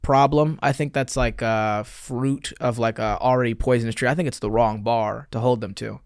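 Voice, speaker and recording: A man's voice: medium pitch, steady tone, normal speed, clean tone, dry recording, clean studio sound. A man on a comedy podcast, chatting casually and swearing freely. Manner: loose, talkative, swears freely.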